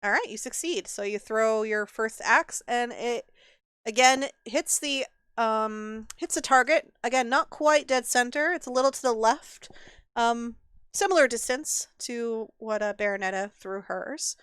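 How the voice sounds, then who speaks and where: Woman game master, relaxed storytelling, crisp clear voice, dry close sound. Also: fairly high pitch, a little slow, no room sound. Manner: relaxed, filler-heavy storytelling. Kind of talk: narrating a tabletop game.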